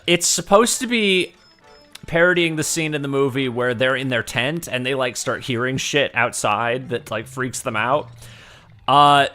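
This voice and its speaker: A man chatting casually while playing a video game, animated, swearing casually and laughing often. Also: a little high. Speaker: gaming video co-host. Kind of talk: casual chat.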